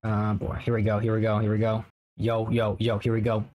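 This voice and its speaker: A man's voice: fairly low pitch, completely flat delivery, brisk, darkish tone, natural voice. Man doing a playful cartoonish plumber, fake Italian accent, bouncy chant. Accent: put-on Italian, badly done. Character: cheery Italian plumber Mario, playful and excitable.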